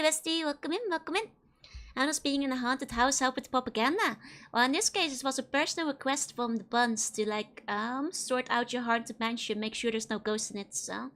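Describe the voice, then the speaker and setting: A woman's voice: sits high, fairly bright tone. A woman streaming a horror game live, playful and giggly, greeting her chat one by one.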